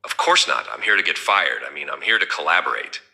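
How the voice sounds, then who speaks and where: A man voicing a servile, sly male office assistant who speaks with mock politeness in an animated story. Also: a bass voice, fairly quick, gravelly, voice pushed down, heavily acted. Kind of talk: scripted character voice.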